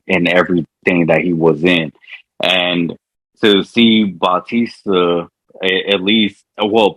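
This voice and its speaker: Slow, deep-voiced man in casual chat. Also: fairly bright tone, no room sound, poor audio. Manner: halting, restarts often, hesitant. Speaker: podcast co-host.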